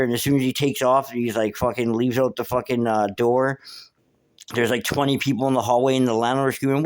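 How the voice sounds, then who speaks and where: A man's voice: mid-range voice, steady tone, a little fast. A man hosting a podcast, telling a rambling street story with lots of swearing and fillers. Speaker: podcast host. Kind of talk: casual storytelling monologue.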